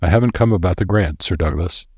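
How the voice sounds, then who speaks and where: A man's voice: low-pitched, fast, a little mellow, slightly rough, no room sound, clean studio sound. A man voicing an earnest, determined male doctor who speaks firmly and patiently. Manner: firm, patient.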